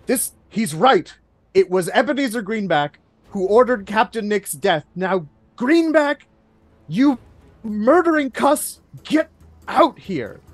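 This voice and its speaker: A man voicing an enraged middle-aged town mayor who shouts his accusations loudly and slowly. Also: sits high, sing-song, no echo, pitched above the performer's own voice. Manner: loud, slow, seething with rage.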